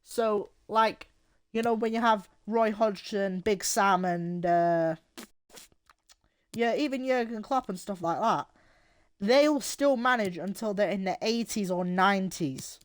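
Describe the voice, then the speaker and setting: A man's voice: high voice, unhurried, no echo. A man giving casual, rambling and jokey commentary while streaming a football game.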